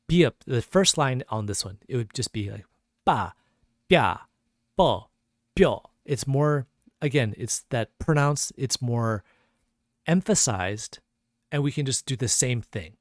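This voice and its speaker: A man's voice: mid-range voice, no echo, studio quality. A man teaching a pronunciation lesson, patiently repeating each sound several times. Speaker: language teacher.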